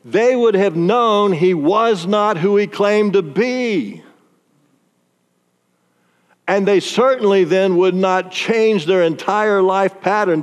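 Storytelling male preacher in a hall. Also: a little high. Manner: animated storytelling, chuckles often. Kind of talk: sermon. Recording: long reverb in a large hall.

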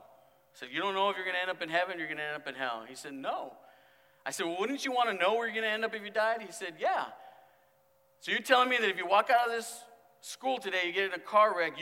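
A man who is a student pastor, preaching a sermon and acting out stories, swinging from mumbled quotes to loud exclamations. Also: high voice. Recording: long hall reverb.

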